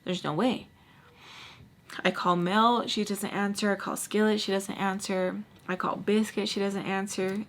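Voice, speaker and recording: A woman recounts a personal story straight to the camera in a loose, candid storytelling style. She is dramatic and blunt, swears freely, and sometimes drops into a hushed, breathy near-whisper. Her voice sits at an ordinary middle pitch. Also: level tone, normal speed, hardly any pauses. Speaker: storytime vlogger. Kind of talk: casual storytelling.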